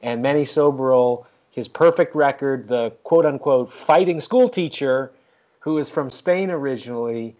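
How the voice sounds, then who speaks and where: A man's voice: medium pitch, measured pace, a little mellow, lo-fi sound. A man hosting a podcast, chatting and interviewing in a wry, conversational way. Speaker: podcast host. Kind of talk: casual interview chat.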